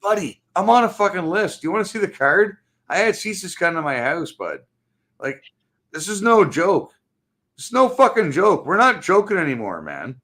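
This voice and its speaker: A man's voice: high-pitched, sing-song, moderate pace, pushed and bright. A man in a casual group chat, ranting in an agitated, repetitive way and swearing a lot.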